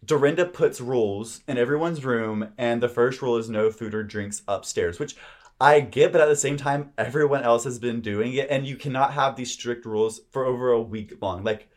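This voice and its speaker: A man's voice: medium pitch, moderate pace. A young man co-hosting a podcast, recapping a reality show in gossipy casual chat full of "like". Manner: gossipy, filler-heavy, says "like" constantly. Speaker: podcast co-host.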